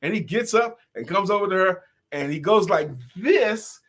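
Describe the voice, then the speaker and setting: Animated, laughing male host. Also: sits high, normal speed. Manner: animated storyteller, sings snatches of songs and laughs often. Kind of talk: casual live-stream chat reading comments.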